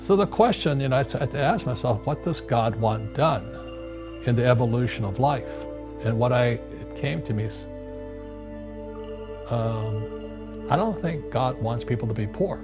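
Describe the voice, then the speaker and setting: A man in his seventies from Hawaii, a guest in an interview, telling animated stories with frequent restarts and repeated words. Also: mid-range voice, normal speed. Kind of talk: storytelling conversation. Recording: music playing underneath.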